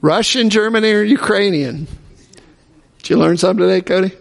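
In a sermon with call-and-response, a man with a high-sitting, creaky voice speaks at a moderate pace, echoing back every answer shouted from the congregation. The hall's reverb makes it sound echoey.

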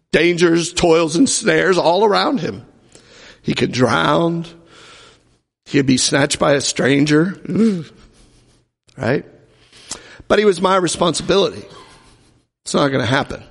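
A man's voice: fairly high pitch, vocal fry. A male pastor preaching a sermon, emphatic and driving home his points with repeated rhetorical questions. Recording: reverberant hall.

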